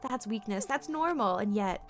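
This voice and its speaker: A woman's voice: mid-range voice, animated, moderate pace, music in the background, lightly acted. A woman voicing a distraught teenage girl athlete who pleads and accuses through tears over a lost friend. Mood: accusing, grieving. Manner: earnest, tearful pleading.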